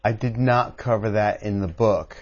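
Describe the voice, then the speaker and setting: Lively male author full of restarts. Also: lowish voice, moderate pace, lo-fi sound. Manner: animated storytelling with many restarts. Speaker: author guest. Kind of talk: call-in radio interview.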